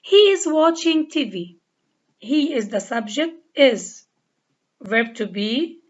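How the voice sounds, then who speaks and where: A woman's voice: sits high, lively intonation, slow pace. A woman with a Lebanese accent teaching an English grammar lesson, spelling out letters and repeating each rule step by step. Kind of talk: slow, deliberate grammar lesson. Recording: dull lo-fi recording.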